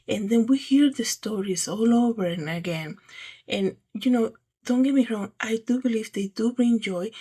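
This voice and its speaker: A woman's voice: medium pitch, vocal fry, darkish tone, slightly rough. A woman hosting a casual faith talk, chatty and rambling, often checking in with the listener. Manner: chatty, rambling, frequent "right?" and "you know". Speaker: host.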